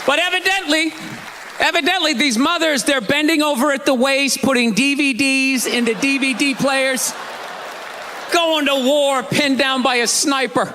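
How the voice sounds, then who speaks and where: A man in his forties tears through a stand-up bit with mock outrage, his voice high and sharp. He bursts into shouts now and then. It is recorded live in a reverberant theater, with a faint audience underneath. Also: steady tone, normal speed, slight background noise. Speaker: stand-up comedian. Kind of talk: stand-up routine. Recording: live hall with crowd laughter.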